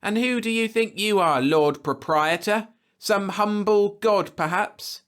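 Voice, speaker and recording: A man reading a storybook aloud, voicing a proud, fiery young frontier woman who talks in a sharp, lecturing way. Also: a little high, animated, measured pace, voice pushed up. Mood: angry, indignant.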